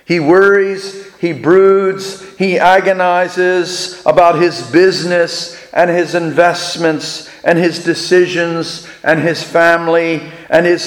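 A male preacher telling a sermon story, slow and deliberate, leaning on dramatic pauses. His voice sits slightly high, and it rings out with the long reverb of a big hall. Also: steady tone.

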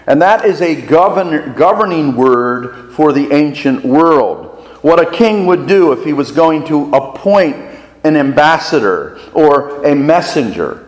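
A man preaching a sermon as pastor, deliberate and fond of rhetorical questions and repetition, in a reverberant church sanctuary. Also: fairly high pitch, lively intonation.

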